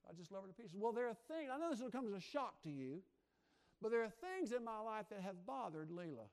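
A pastor in his sixties delivering a Sunday sermon from the pulpit. His voice sits high for a man, and he talks with restless energy, racing through asides and then slowing down and growing quiet for heartfelt moments before rising again into forceful preaching. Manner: energetic, fast-talking preacher who swings from soft reflection to loud exhortation. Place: church sanctuary.

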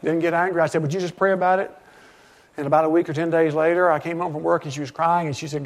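Speaking fast in a slightly high voice, a middle-aged pastor delivers a sermon in a church sanctuary. He tells his stories earnestly and often acts out the words others said to him.

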